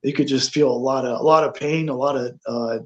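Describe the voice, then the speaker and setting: A man telling a ghost story as a guest on a paranormal talk show, halting, with many fillers and restarts. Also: mid-range voice, steady tone, highs cut off.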